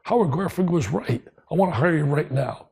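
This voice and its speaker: Excitable older man with a husky voice. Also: fairly high pitch, brisk. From New Jersey. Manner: excitable, emphatic, repeats lines for punch. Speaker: guest. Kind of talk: storytelling interview.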